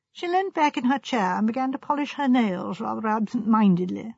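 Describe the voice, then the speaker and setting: A woman narrating a story in a measured reading style. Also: on the high side, vocal fry, darkish tone, breathy edge, dry recording. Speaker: audiobook narrator. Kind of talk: scripted narration. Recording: slightly dull, dry recording.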